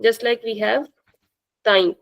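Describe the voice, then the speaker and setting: A woman teaching a language class, speaking slowly and patiently and repeating words for her students. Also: a little high, fairly even intonation, creaky, lo-fi sound.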